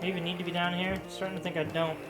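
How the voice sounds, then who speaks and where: A woman with a lowish voice casually comments on her own game playthrough in rapid-fire, flat delivery, talking to herself with playful asides. Game music plays behind her voice in this let's-play commentary.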